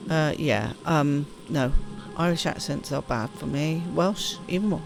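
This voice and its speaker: This gaming streamer has a low, unhurried voice and barely pauses as she casually comments on the game she's playing. Chatty and self-deprecating, she reads the on-screen text aloud in a let's-play style, her voice sitting over clear game music.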